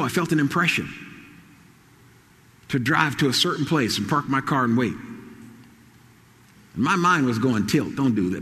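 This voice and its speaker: A man's voice: medium pitch, a bit bright. Middle-aged man, pastor, storytelling sermon, acts out quotes, reverberant sanctuary. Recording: long hall reverb.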